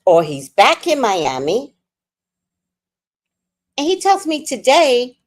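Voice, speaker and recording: A woman telling a storytime rant on her livestream, animated, worked up and swearing freely. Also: high voice, slow. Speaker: livestream host.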